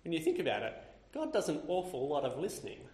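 A man's voice: fairly high pitch, wildly swooping pitch, fast, a little mellow. A man preaching a sermon, building his points in lists that grow more intense. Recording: roomy echo.

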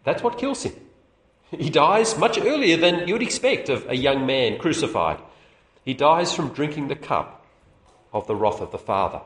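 A man delivers a sermon with a lively, swooping voice that sits a little high. He asks rhetorical questions and lets out small chuckles. The sound rings around an echoey hall. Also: normal speed. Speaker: preacher. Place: meeting hall. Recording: echoey room.

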